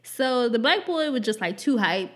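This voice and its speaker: Young woman, podcast host, casual storytelling, profane, animated, fairly high voice. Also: moderate pace. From Pennsylvania. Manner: animated, profane, laughing storyteller acting out quotes.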